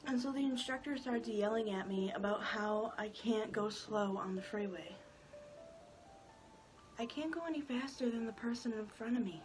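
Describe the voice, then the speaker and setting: A woman's voice: fairly high pitch, moderate pace, soft background music, rough recording. A woman in her twenties telling a personal story in a casual, rambling way with lots of filler words. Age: 20s. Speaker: vlogger.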